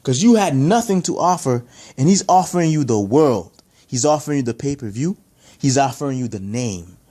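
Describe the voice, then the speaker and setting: Heated, mellow-voiced man ranting about boxing. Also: medium pitch. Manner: heated, emphatic, repeats points, rhetorical questions. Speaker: boxing commentator. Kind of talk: opinionated boxing rant.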